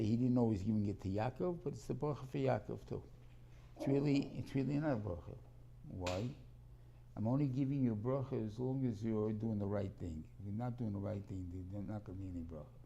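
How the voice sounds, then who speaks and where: A man's voice: on the low side, creaky, warm tone, slight background noise. A man teaching a Torah class in a rambling, conversational way, often restarting his sentences and mixing in Hebrew terms.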